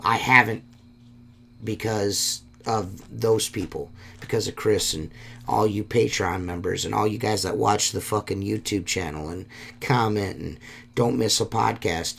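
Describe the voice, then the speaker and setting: A man's voice: fairly low pitch, creaky, slight background noise. A man hosting a solo podcast, talking in a rambling, heartfelt way and swearing often. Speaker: podcast host.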